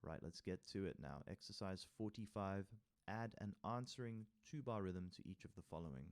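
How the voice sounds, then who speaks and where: In a deep, animated voice at a moderate pace, a man leads a music theory tutorial from a workbook. After reading passages aloud he makes casual asides and counts rhythms, tapping them out with sung syllables.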